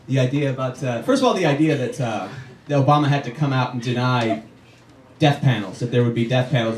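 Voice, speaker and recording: A man doing a stand-up comedy set in a small club, sarcastic and ranting, swearing often. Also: a little high. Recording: roomy club audio from far off.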